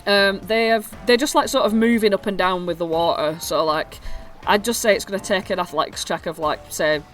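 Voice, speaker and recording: A woman's voice: medium pitch, fairly quick, a bit bright, soft background music. A woman acting as dungeon master, explaining the scene in a chatty way and correcting herself as she goes. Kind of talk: running a tabletop game.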